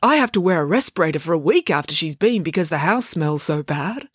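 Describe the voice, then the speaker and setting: A woman's voice: low-pitched, expressive, a little fast, slightly rough, dry recording, clean studio sound. A woman voicing a fussy, germ-phobic middle-aged father who rants anxiously. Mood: worried. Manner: anxious, fretful ranting.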